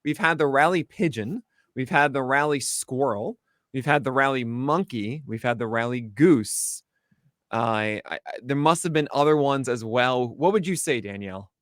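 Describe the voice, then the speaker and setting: A man's voice: mid-range voice, normal speed, fairly bright tone, dry recording. A man hosting a casual panel chat, playful and joking. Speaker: host.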